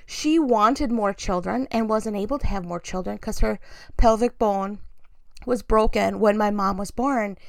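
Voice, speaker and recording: Woman, 40s, casual storyteller, animated, acts out quotes, quick laughs, a bit of fry. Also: on the high side, no room sound. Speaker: storyteller sharing family memories.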